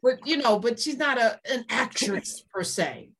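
A woman's voice: fairly high pitch, animated, normal speed, a bit bright, breathy edge. A woman hosting an interview, chatty and playful, teasing her guest. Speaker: interviewer, host. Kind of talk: casual interview talk.

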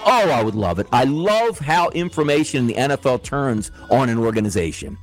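A man's voice: mid-range voice, expressive, brisk, soft background music, poor audio. A man hosting a sports betting show, talking solo, firing off rhetorical questions and acting out imagined quotes. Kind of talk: solo sports talk monologue.

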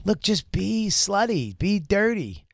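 A man's voice: high-pitched, sing-song, takes it slowly, gravelly, dry recording, studio quality. A man co-hosting a podcast, telling crude stories in casual chat and acting out the other people's voices. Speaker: podcast co-host.

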